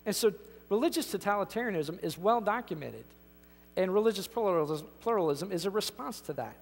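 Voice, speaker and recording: A man's voice: sits high, animated, a little fast, creaky, slightly rough. A man preaching a sermon as pastor, emphatic and conversational, often restarting his sentences. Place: church sanctuary. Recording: reverberant church hall.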